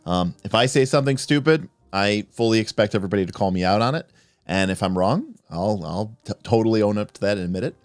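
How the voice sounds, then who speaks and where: A man's voice: lowish voice, animated, fast, no echo. A man hosting a casual livestream chat, greeting viewers and answering questions in a rambling way, full of fillers and restarts. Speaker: livestream host.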